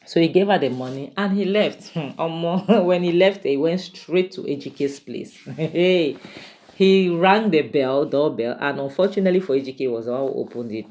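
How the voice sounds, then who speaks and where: A woman casually recapping a drama series, chatty and opinionated with lively asides. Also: deep voice, normal speed. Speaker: drama reviewer.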